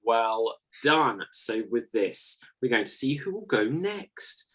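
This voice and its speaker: A man hosting an improv show, announcing in a measured way and drawing out his cues. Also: medium pitch, big pitch swings, a bit bright. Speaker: host.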